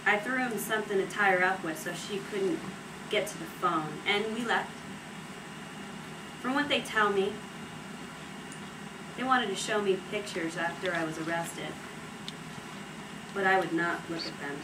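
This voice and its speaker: An actress voices a young woman from a Puerto Rican family who speaks bluntly and without fuss. Her voice sits at a middle pitch. It was recorded far from the mic in a reverberant space, with noise beneath it. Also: a little slow, pauses often, lightly acted. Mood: somber. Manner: wry and matter-of-fact, turns somber. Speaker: actress performing a monologue. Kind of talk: stage monologue based on an interview. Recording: echoey stage recorded from afar, steady noise.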